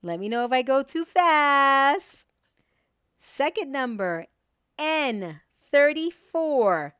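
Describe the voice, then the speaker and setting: A woman's voice: sits high, big pitch swings, slow pace, bright, forceful tone, no room sound, highs cut off. A woman hosting a livestream and calling bingo numbers in a playful, casual way, drawing each number out.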